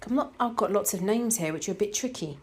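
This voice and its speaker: A woman's voice: mid-range voice, lively intonation, quick pace, darkish tone. Chatty Norfolk woman reading comments. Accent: Norfolk English. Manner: chatty and rambling, with frequent "like" and "um". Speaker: decluttering vlogger reading viewer comments. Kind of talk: casual chat, reading comments aloud.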